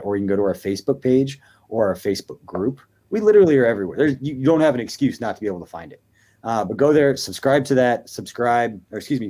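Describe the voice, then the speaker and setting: A man's voice: mid-range voice, warm tone. A man in his thirties co-hosting a sports podcast, talking in a chatty, rambling way with lots of filler words. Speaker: podcast co-host. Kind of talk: casual sports podcast chat.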